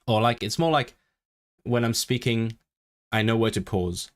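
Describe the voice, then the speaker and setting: A man's voice: fairly low pitch, measured pace. A man chatting casually on a home study livestream, thinking aloud and often restarting his sentences. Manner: chatty and self-interrupting, with frequent restarts. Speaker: language-learning streamer.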